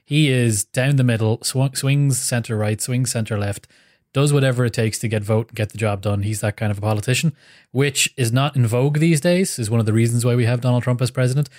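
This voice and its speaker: A man's voice: mid-range voice, a little fast, a little mellow, no echo, clean studio sound. A man co-hosting a podcast, talking politics in a wry, storytelling way. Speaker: podcast co-host. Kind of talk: casual political chat.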